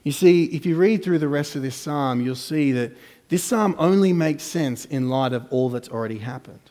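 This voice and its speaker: At a moderate pace, a pastor preaches a sermon in a church hall whose long reverb makes every word echo. His delivery swings dramatically between soft, low asides and raised, emphatic lines.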